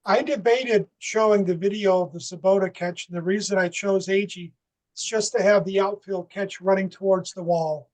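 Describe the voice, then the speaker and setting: A man's voice: high voice, steady tone, moderate pace, a little mellow, rough recording. A man, an author, answering audience questions thoughtfully with some hesitation. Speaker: author presenting his work.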